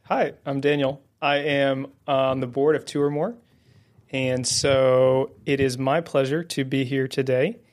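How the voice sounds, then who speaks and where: A man appears as a guest co-host on a faith podcast, chatting casually in a friendly, self-deprecating way with many fillers. His medium-pitched voice keeps fairly even intonation at a measured pace. He holds the microphone close to his mouth.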